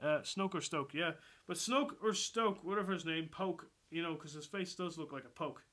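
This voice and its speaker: A man giving a casual, excitable movie review, swearing freely and rambling through his thoughts. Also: fairly high pitch, normal speed. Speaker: film reviewer.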